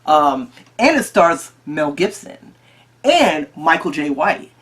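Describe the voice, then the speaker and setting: A movie reviewer talking casually to the camera, excitable, often repeating and restarting phrases. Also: mid-range voice, slow.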